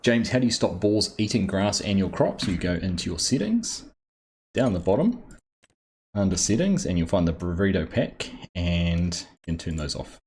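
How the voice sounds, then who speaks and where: Australian man, low voice, live stream host, chatty, greets viewers, faint background hiss. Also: moderate pace. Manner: chatty, greets viewers by name, relaxed with fillers. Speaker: livestream host. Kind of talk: casual live gaming stream chat.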